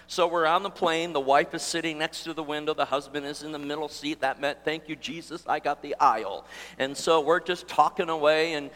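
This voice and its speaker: A man's voice: on the high side, fairly even intonation, fairly quick, few pauses, a bit bright. A pastor in his sixties preaching a live sermon, telling a self-deprecating story in a chatty, conversational way. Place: church sanctuary before a congregation. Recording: long reverb of a church hall.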